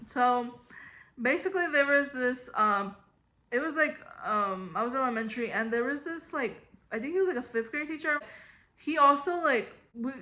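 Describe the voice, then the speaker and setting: Bright-voiced young woman telling stories. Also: fairly high pitch. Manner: rambling, full of "like" and restarts. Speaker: vlogger. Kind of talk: casual storytelling.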